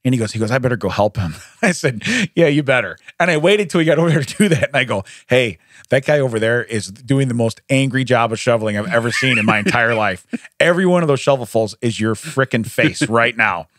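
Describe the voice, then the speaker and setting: A man's voice: medium pitch, brisk, no room sound, clean studio sound. A man co-hosting a podcast, telling a story in casual chat, laughing often and acting out what people said. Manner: animated, laughing often, acts out quoted voices. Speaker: podcast co-host. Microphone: studio microphone.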